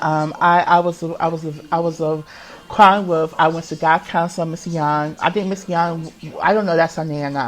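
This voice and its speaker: Alone at the mic with poor audio, a man pours out a confessional podcast monologue in a voice on the high side. He keeps stumbling, restarting and circling back over the same words. He swears heavily, and he stays raw and agitated throughout.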